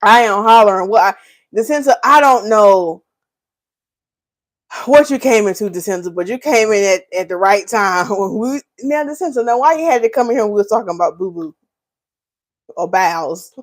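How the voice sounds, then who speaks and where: Hosting her casual hair care livestream, a woman from North Carolina reads out viewers' comments and pokes fun at them, laughing often. Her mid-range voice runs at normal speed, animated and steeped in Southern Black vernacular.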